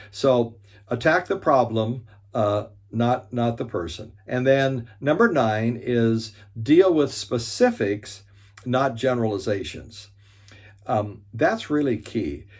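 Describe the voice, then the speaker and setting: A man giving an earnest motivational talk on resolving conflict. He leans on key points by slowing down and often restarts his sentences. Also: medium pitch, a little mellow.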